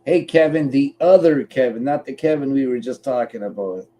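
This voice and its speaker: A man's voice: mid-range voice, moderate pace, warm tone. A man from Canada co-hosting a podcast, chatting casually and bluntly, swearing freely while walking through a website step by step. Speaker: podcast co-host. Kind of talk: casual chat.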